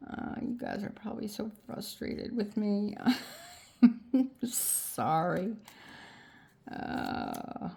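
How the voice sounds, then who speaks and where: A woman's voice: medium pitch, wildly swooping pitch, slow, creaky, dark tone, slightly rough. A middle-aged woman vlogging as she crafts, rambling and indecisive as she talks herself into her choices. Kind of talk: casual thinking aloud while crafting.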